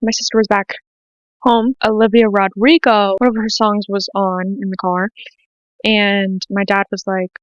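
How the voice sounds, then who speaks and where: A woman's voice: medium pitch, flat delivery, a little slow, clear, resonant tone, no echo, dull audio. A teenage woman with an American accent, hosting her own podcast in a rambling, emotional, casual confessional way with lots of "like". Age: late teens. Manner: emotional, rambling, says "like" often. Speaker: podcast host. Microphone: to camera, self-filmed.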